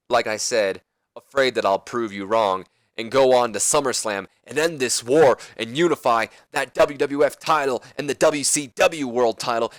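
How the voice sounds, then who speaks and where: A man voicing a brash, cocky male wrestler who loudly taunts and challenges the champion in a wrestling game promo. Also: medium pitch, no room sound, studio quality, lightly acted. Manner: taunting, challenging, raised and loud.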